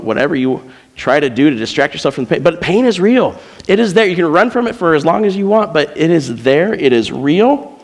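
Conversational preacher with hall reverb. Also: male voice, fairly high pitch. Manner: conversational preaching, rising to emphatic pleas. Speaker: pastor. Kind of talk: sermon. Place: church auditorium.

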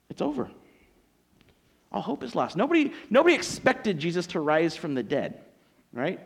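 Man, pastor, sermon, high voice, animated storytelling.

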